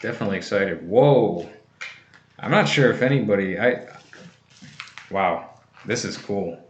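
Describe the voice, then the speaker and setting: A man's voice: lowish voice, animated, a little slow, reverberant, highs cut off, slight background noise. A man hosting a casual livestream, chatting easily while he opens fan mail, with many fillers and restarts. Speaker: coin collecting channel host.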